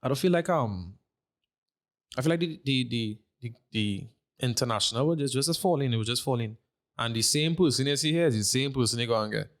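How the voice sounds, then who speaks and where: A man's voice: mid-range voice, lively intonation, fairly quick. A man in his twenties with a Trinidadian accent, a streamer talking in a brash, slangy, emphatic way as a podcast guest. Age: 20s. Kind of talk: casual podcast conversation.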